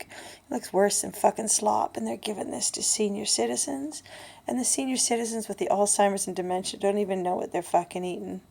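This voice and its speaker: A woman of fifty talking candidly in a vlog, blunt and swearing, dropping to a hushed breathy voice and then getting loud. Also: medium pitch. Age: 50s. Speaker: vlogger.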